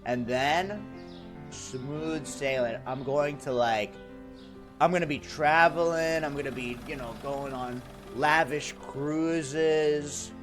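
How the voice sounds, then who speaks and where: Laughing, teasing male streamer, slow delivery. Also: on the high side, music in the background. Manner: laughs often, teasing and self-mocking. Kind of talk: casual chat reading viewer messages.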